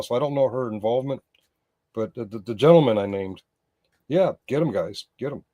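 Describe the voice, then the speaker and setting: A man's voice: medium pitch, a little mellow, no echo. A man doing live-stream commentary, rambling and sarcastic, growing heated, with many restarts.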